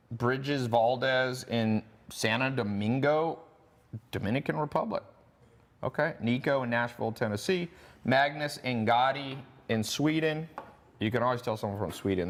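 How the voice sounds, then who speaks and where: Male host, mid pitch, fast and animated, cracking jokes while selling a training course on a live stream.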